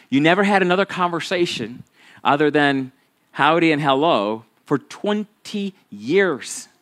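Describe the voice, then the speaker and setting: A man's voice: a little high, a bit bright. A man, a pastor, preaching a sermon in a conversational, folksy storytelling manner with frequent restarts.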